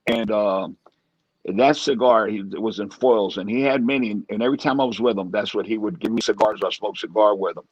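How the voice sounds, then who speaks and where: A man co-hosting a relaxed chat, speaking reflectively and circling back over his own words. The sound is dry and somewhat muffled. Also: on the low side, brisk, breathy edge, no echo. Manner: reflective, repeats his phrases. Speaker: co-host. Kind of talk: casual chat, reminiscing.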